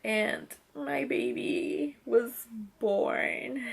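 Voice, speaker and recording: Young woman, mom vlogger, casual storytelling, rambling and apologetic, mid-pitched voice. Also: unhurried. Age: 20s.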